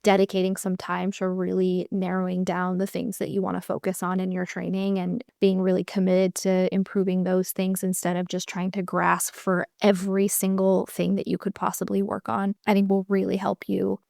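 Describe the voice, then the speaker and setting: A woman's voice: medium pitch, monotone, normal speed, gravelly, hardly any pauses, a little mellow, dry recording, studio quality. An American woman co-hosting a casual podcast about dance, thoughtful and encouraging, laughing often. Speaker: co-host, dance instructor.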